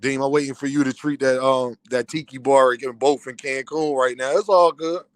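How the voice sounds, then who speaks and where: A man's voice: mid-range voice, level tone, brisk, smooth, dry recording. A man, a boxing content creator, ranting on a livestream, angry, profane and heated. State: worked up and fuming. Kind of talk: livestream rant.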